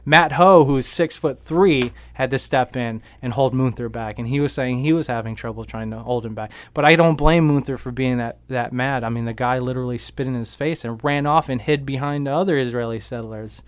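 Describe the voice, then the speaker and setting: A man who is a veteran activist, casually retelling events in a radio interview, with many fillers and animated bursts. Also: medium pitch, fairly quick, few pauses, clear, resonant tone. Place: radio studio.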